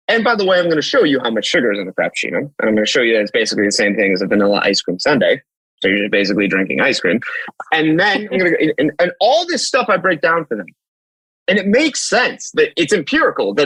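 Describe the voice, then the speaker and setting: A man in his thirties, a fitness coach, talking in an animated podcast conversation, telling stories and acting out dialogue with casual swearing. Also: mid-range voice, fast talker, husky, no room sound, low-quality recording. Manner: energetic, storytelling, acts out dialogue, swears casually.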